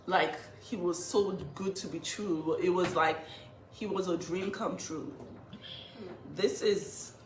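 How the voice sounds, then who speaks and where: A woman's voice: on the low side, steady tone, slow pace. A woman from Nigeria telling her side of a broken marriage, shaky but defiant. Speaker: social media personality. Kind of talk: emotional on-camera statement. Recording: echoey room with faint hiss.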